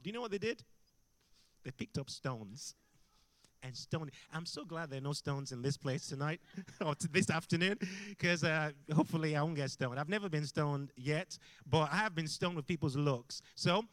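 A middle-aged man preaching as a guest in a church, intense and animated, breaking into shouts as he tells stories. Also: on the high side, no echo. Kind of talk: sermon. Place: church hall.

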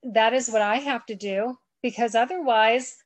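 A woman's voice: fairly high pitch, moderate pace, no room sound. Earnest woman podcast host. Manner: earnest, rambling, backs up and restarts. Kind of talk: conversational podcast interview.

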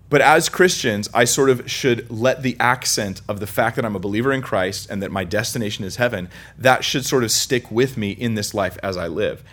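A male pastor from California preaching a sermon, emphatic, swinging between loud, high stresses and quiet low lines, with light self-mocking humor.

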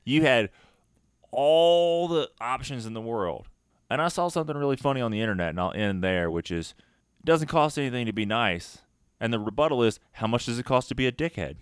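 Animated, profane man ranting. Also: medium pitch, brisk, clear, resonant tone, no room sound, clean studio sound. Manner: animated, profane, acts out quoted exchanges. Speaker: podcast co-host. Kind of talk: casual chat, storytelling rant.

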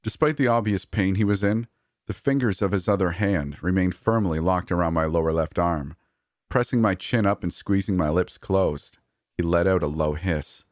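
A man reading a first-person serialized story as a scripted narration, in a measured, even manner. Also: low-pitched, no echo, studio quality.

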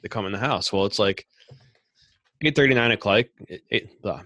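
A middle-aged man who runs a machine shop, talking casually on a podcast in a rambling way with frequent restarts and throat clearing. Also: lowish voice, normal speed, bright, forceful tone, no room sound.

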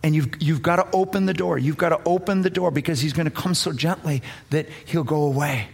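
Husky woman preaching, rises and falls a lot, earnest storyteller vibe. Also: deep voice, brisk, darkish tone. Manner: earnest, storytelling, swells and drops in emphasis. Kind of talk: sermon.

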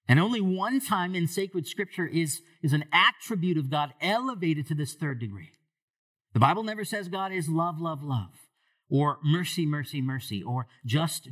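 In his sermon, a pastor addresses the church congregation with questions, his voice dropping to hushed lows and rising to loud peaks.

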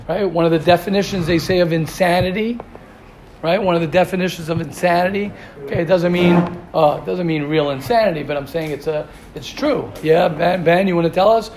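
A gravelly-voiced man speaks with a lilt, teaching students in a yeshiva class. He repeats his points and fires off rhetorical questions, his voice sitting somewhat high. A faint hiss runs underneath. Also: fairly quick. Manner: animated, repetitive, rhetorical questions. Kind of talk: Torah class talk to students.

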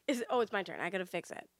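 A woman's voice: medium pitch, expressive, quick pace, dry recording, studio quality. A woman co-hosting a podcast, teasing her co-host and breaking into laughter during a word game. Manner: giggly, teasing, bursts into laughter. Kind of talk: casual chat, word game.

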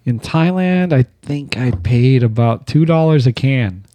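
A man's voice: mid-range voice, expressive, unhurried, warm tone, no room sound. A man in a casual chat, telling laid-back stories and laughing at his own jokes.

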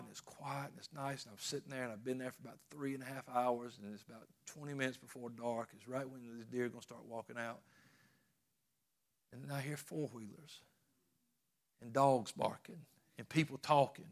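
A man's voice: mid-range voice, moderate pace. A middle-aged man, preaching a sermon in a folksy storytelling way that swells when he stresses a point. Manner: folksy storytelling with rising emphasis. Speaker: pastor.

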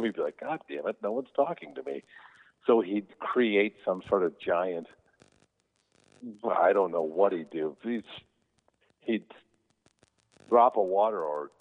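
A man, an actor, telling easygoing, rambling anecdotes as an interview guest, with many fillers. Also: sits low. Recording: tinny phone-like sound.

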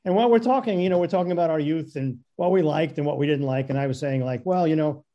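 A man's voice: on the high side, quick pace, dark tone, lo-fi sound. A man telling a long anecdote in casual talk, stammering and repeating words as he acts out what others said. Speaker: guest storyteller.

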